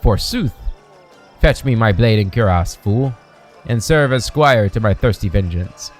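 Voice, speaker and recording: A man voicing a vain, quick-tempered male duke who declaims indignantly. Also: fairly low pitch, expressive, faint music behind.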